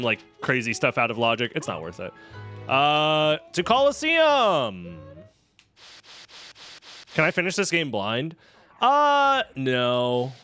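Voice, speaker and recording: A man's voice: fairly high pitch, bright, forceful tone. An American man commentating a live-stream game run, joking and sarcastic as he chats with viewers. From United States.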